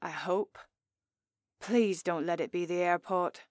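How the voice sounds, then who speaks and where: A woman's voice: lowish voice, slow pace, darkish tone, dry recording. A woman narrating a first-person romance audiobook in an intimate, earnest storytelling manner, on a close studio mic.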